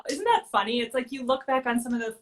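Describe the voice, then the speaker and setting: A woman's voice: fairly high pitch, expressive, fast, background noise. A woman, an opera singer hosting a casual chat, asking curious, rambling questions.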